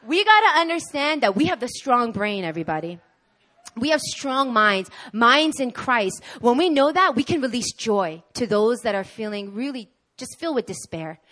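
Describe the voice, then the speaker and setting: A woman with a somewhat high voice gives a sermon at a church service. She preaches in a lively, animated way and acts out the voices of the people she quotes. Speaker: guest preacher.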